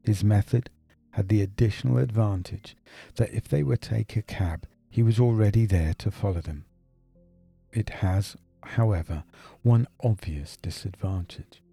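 Faint soft music sits under this audiobook character reading, where a man voices a brilliant detective. His tone is very low and dark with a touch of huskiness, and he lays things out in brisk, dry, crisp, measured phrases.

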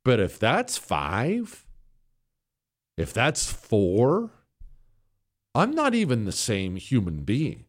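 A man's voice: mid-range voice, wildly swooping pitch, very slow, pauses often. A middle-aged man hosting a talk radio show, speaking in a cocky, joking, conversational way with frequent restarts. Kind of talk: casual monologue.

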